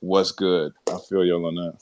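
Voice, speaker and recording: A man's voice: deep voice, flat delivery, normal speed, a little mellow. A man in a casual group chat, talking in a slangy, laid-back way. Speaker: community member.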